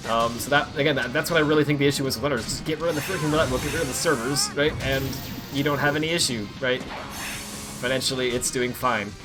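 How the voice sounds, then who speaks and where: A young man giving loose, casual commentary over a game stream, rambling and correcting himself mid-sentence. His voice sits at an ordinary pitch, and game music plays clearly behind him. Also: fairly even intonation, fast talker. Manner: rambling, filler-heavy, self-correcting.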